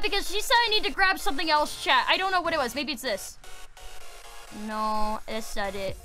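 A woman streaming a game, chatting casually with her viewers, excitable, repeating herself and swearing. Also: high voice, brisk, faint music behind. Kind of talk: casual gameplay commentary.

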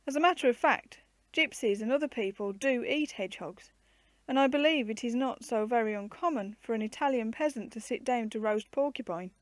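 A woman reading the part of a patient, gently teasing uncle who explains zoo animals to children in a storybook. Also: extremely high pitch, fairly quick, few pauses, no echo.

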